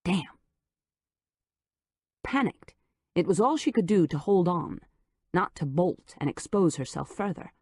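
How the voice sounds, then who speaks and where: A woman narrating an audiobook in a measured, low-key manner on a close studio mic. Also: expressive, a little mellow, slightly rough, no room sound. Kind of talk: scripted narration.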